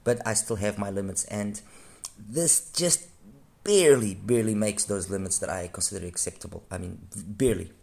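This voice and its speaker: A man with a low, gravelly voice talks through an audio gear review. He speaks frankly and rambles, often breaking off to restate a point. His delivery is loose and unscripted. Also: moderate pace, a little mellow. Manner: rambling, self-correcting, frank.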